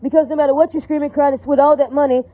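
Woman, rapid rambling profane rant, high voice, dry tinny recording. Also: steady tone, dark tone, no echo. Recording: tinny phone-like audio, dry.

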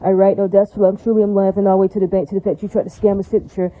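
A woman's voice: mid-range voice, flat delivery, rapid-fire. A woman delivering an angry, repetitive, profane rant to her viewers in a vlog. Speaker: vlogger. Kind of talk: ranting vlog monologue. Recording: dull lo-fi recording.

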